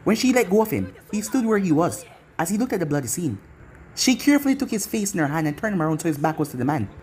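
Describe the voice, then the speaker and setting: Storybook fan-fiction narrator, lively pitch. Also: fast talker, slight background noise. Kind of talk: reading fan fiction aloud.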